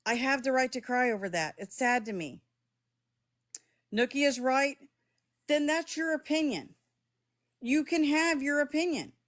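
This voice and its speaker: Middle-aged woman streamer with a slightly high voice, defensive and blunt with chat, cursing freely. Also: measured pace, long pauses. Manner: heated, defensive, swears, talks straight to chat. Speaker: live streamer. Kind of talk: live-stream chat with viewers.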